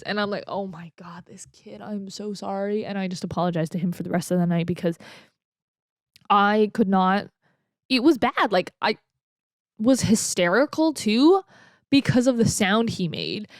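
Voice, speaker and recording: A woman's voice: on the high side, no echo, clean studio sound. Giggly young woman telling a story. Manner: chatty and giggly, with lots of fillers. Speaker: vlogger. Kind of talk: casual storytelling. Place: home. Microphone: desk mic.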